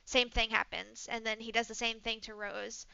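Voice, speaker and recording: A woman's voice: on the high side, little pitch movement, normal speed, gravelly, sharp tone, clear, resonant tone, no echo. A woman game master casually narrating a tabletop role-play game. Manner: casual narration with fillers and restarts. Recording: dull lo-fi mic.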